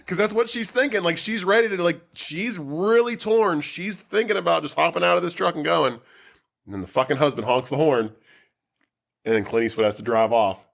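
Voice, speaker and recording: A man co-hosting a podcast, casually recapping a movie in an animated, profane way and laughing often. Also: fairly high pitch, brisk, vocal fry. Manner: animated, profane, laughs a lot, acts out characters. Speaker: podcast co-host. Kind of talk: casual movie-review chat.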